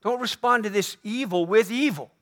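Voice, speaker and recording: A man preaching a sermon as pastor, earnest and emphatic, repeating key phrases and slowing down to stress quoted lines. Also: high voice, fairly bright tone. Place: church sanctuary.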